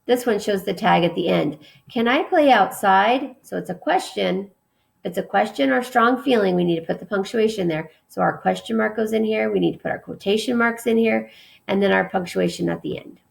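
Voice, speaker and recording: A woman's voice: mid-range voice, fairly quick, vocal fry. A woman teacher giving a remote lesson, reading example sentences aloud with emphasis.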